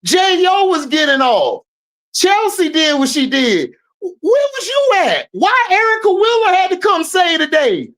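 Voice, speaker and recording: A woman host riffing through a sports recap, mock-scolding and trash-talking. Her voice is high and leaps all over. She talks slowly, leaning into each jab. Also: very animated, fairly bright tone. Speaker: show host, sports commentator. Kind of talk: casual sports commentary.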